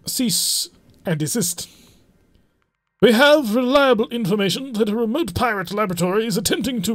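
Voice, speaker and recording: A man's voice: high voice, no echo, voice pushed up. A man voicing a pompous male official who reads out a stiff legal order in a haughty, put-on tone, as part of let's play voice acting.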